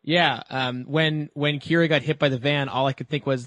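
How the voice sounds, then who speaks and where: A man co-hosting a casual TV review chat who makes wry, quick jokes. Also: mid-range voice, fairly even intonation, a bit bright, no echo. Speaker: podcast co-host.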